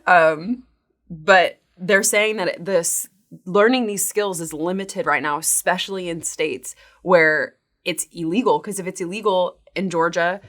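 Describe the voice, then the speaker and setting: A woman's voice: lowish voice, a little slow, a bit bright. Woman co-host reading quotes, chatty. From Texas. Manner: reads article quotes aloud, chatty with laughs. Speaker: podcast co-host. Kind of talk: casual podcast discussion.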